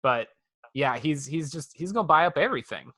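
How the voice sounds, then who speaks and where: A man's voice: on the high side, animated, brisk, pushed and bright, no echo. A man co-hosting a podcast, chatting casually about a cartoon with wry, sarcastic asides. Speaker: podcast co-host. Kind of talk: casual chat reviewing a cartoon.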